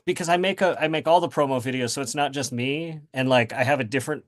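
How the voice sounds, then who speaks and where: A man's voice: medium pitch, fast talker. A man speaking as a guest author in a casual interview, rambling with many fillers and restarts.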